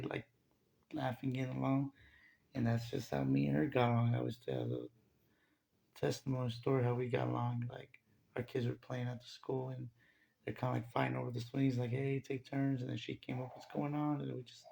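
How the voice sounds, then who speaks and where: Gravelly-voiced man rambling through a story. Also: medium pitch, a little mellow. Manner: rambling, many fillers and restarts. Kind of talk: casual spiritual testimony.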